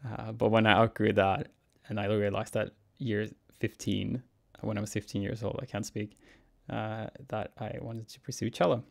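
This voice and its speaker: Low gravelly man, relaxed. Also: moderate pace. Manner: relaxed, musing, chuckles often, reads viewer questions aloud. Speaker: cellist and YouTuber. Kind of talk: casual Q&A vlog.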